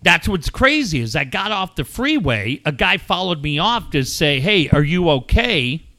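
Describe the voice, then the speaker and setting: Brief: middle-aged guy, bright lively voice, profane storyteller. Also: high-pitched, moderate pace, vocal fry. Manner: animated, swears often, acts out quoted shouts. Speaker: show regular telling a story.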